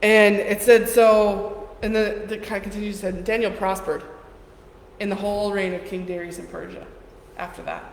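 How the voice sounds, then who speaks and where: A woman preaches a casual, conversational sermon, now and then acting out the Bible figures in quick little voices. Her voice is of middling pitch. The room is roomy and echoing, with a long hall reverb and a faint hiss of noise behind her. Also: little pitch movement.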